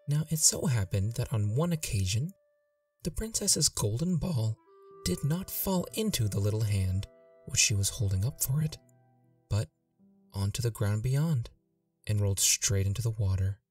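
A man narrating a classic fairy tale in a gentle, lilting storytelling manner. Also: fairly low pitch, animated, measured pace, pauses often, far from the mic, faint music behind.

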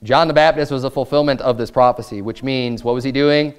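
Clear-voiced American man preaching a sermon. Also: mid-range voice, fairly even intonation, fairly quick. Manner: preaching with rising intensity, reading scripture aloud. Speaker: pastor.

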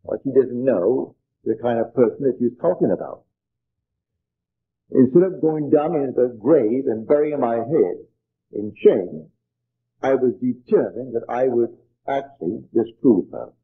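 Husky older man lecturing on tinny tape. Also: mid-range voice. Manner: earnest, measured storytelling. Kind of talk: spiritual lecture. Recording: tinny old archival tape.

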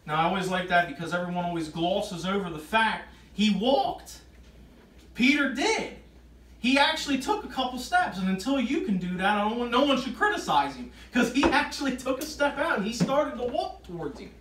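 A man preaching at an informal Bible study has a high, slightly bright voice, very animated at a moderate pace. He reads scripture aloud, then turns emphatic explaining it, heard from far off in an echoey room with faint noise.

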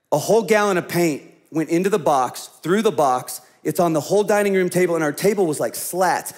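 A man with a high voice preaching a sermon as a senior pastor. He tells stories with lively energy, then sinks into quiet, slow phrases to drive a point home. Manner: animated storytelling that drops to hushed, slow emphasis.

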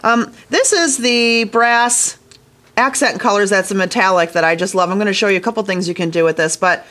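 A woman speaking at medium pitch, fairly quickly and a bit brightly, teaches glass fusing from her studio workshop. The tutorial is casual and hands-on, and she chats enthusiastically straight to her viewers.

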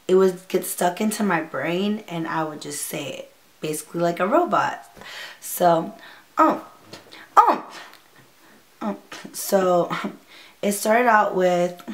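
Slow-talking young woman vlogger, rambling. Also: lowish voice. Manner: rambling, many fillers, laughs nervously. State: near tears at times. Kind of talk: casual storytime.

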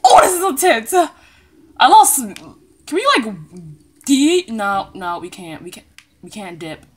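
A young woman talking through a story game as she plays it, slow-paced with a lively, swooping pitch. She jumps between quiet muttering and panicked shrieks and laughter. Her voice sits fairly high for a woman. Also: husky. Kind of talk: casual game commentary.

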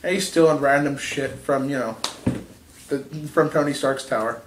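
A man's voice: medium pitch, normal speed, echoey room, background noise. A man casually telling a made-up fight story, rambling and profane, laughing at his own jokes. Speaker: podcast co-host.

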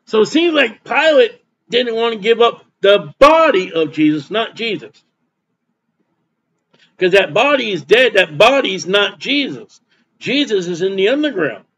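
A man's voice: high voice, lively intonation, measured pace, fairly bright tone, breathy edge, highs cut off. A man preaching a sermon as pastor, emphatic and repeating his points for stress.

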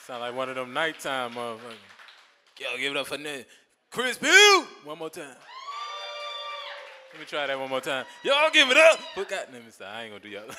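A man emceeing a comedy night, his voice very bright and swinging widely in pitch as he shouts to the crowd and laughs. The room gives his voice a long reverb, with faint crowd noise behind it. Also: big pitch swings, moderate pace, long pauses. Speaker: comedy show host. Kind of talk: stand-up emceeing. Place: comedy club stage.

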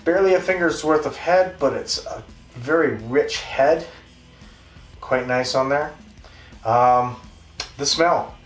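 A Western Canadian man hosts a casual beer review show, rambling along in a chatty, self-deprecating way with a Canadian accent. His voice is medium in pitch, and he takes his time, pausing often. The recording has an echoey room, a distant mic, and faint music.

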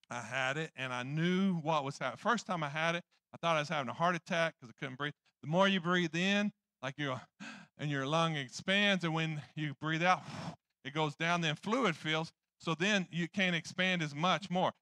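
A male pastor preaching a sermon, telling a personal story in an animated, jokey way and acting out what people said. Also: a little high, dry recording, clean studio sound. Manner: animated, jokey storyteller acting out his own past lines.

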